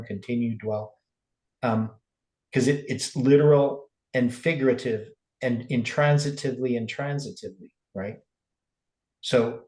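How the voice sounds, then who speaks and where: A man's voice: mid-range voice, darkish tone, echoey room, rough recording. A man leading a word-by-word Bible study, thinking aloud with many fillers and checking in with "right?". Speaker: Bible teacher.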